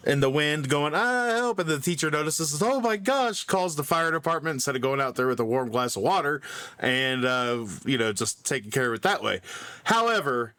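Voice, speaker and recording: A man's voice: medium pitch, pushed and bright. Rambling man telling a story. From grew up in the country. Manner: rambling, many fillers and restarts, laughs at himself. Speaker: podcast co-host. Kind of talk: casual storytelling.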